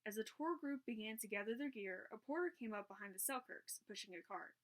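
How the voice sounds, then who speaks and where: A woman reading a children's mystery novel aloud at a steady pace, with small restarts now and then. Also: a little high, a little fast.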